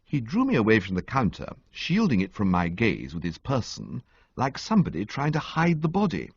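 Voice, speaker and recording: A man narrating a comic audiobook with an expressive, sweeping storytelling delivery, on a dull, dry recording. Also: lowish voice, moderate pace, slightly rough, no room sound.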